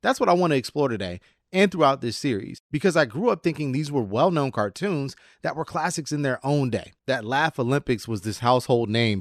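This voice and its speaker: Male host, 30s, middle-pitched, scripted but loose commentary with a radio-voice lilt, dry recording. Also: no echo. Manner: casual, slightly sardonic, drifts into a radio voice.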